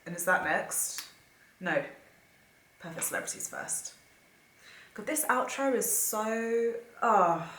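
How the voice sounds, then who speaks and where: Young woman, gushing, emotional, chatty, lowish voice, echoey room. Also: lively intonation, measured pace, fairly bright tone, a little hiss or hum. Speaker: vlogger. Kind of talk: casual reaction commentary.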